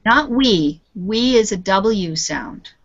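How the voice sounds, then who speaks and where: A woman's voice: medium pitch, slow pace, fairly bright tone. A woman teaching an English lesson over a video call, patiently explaining words and modelling pronunciation. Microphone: computer mic on a video call. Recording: dull lo-fi call audio.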